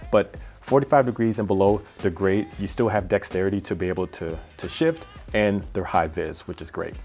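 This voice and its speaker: A man's voice: low-pitched, fairly quick, darkish tone, soft background music. A man hosting a cycling vlog, chatting through a casual gear review in a rambling, self-deprecating way with plenty of fillers. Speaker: cycling vlogger.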